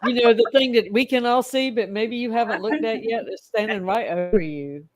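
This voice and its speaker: A woman's voice: on the high side, normal speed, a crowd in the background. Laid-back teasing woman co-host. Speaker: livestream co-host. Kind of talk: casual morning livestream chat.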